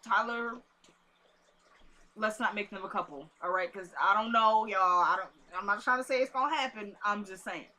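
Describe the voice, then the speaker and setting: Woman vlogger with bright casual chatter. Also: mid-range voice, moderate pace. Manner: lively, informal, repeats herself for emphasis. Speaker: vlogger recapping a TV episode.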